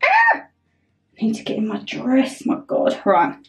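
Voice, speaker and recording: A woman's voice: medium pitch, slow pace, creaky, a little mellow. A young woman chatting through a getting-ready vlog at home, flustered and self-mocking. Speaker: vlogger.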